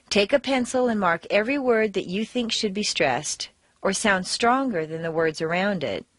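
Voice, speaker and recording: An American woman leads an accent-training lesson. Her pitch swings widely as she stretches and stresses words on purpose. The sound is dry and close, with no room around it. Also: no room sound. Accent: General American. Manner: clear, deliberate instruction with exaggerated stress demonstrations. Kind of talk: recorded language lesson.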